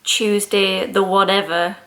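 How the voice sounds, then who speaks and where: A young woman, chatting casually in a vlog, gushing and excitable with lots of "like" fillers. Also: medium pitch, takes it slowly. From United Kingdom. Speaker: book vlogger.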